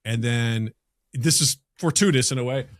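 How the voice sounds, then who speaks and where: A man co-hosting a podcast, telling stories in casual chat and acting out the people he quotes in loud, high voices. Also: normal speed, no room sound, studio quality. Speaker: podcast co-host.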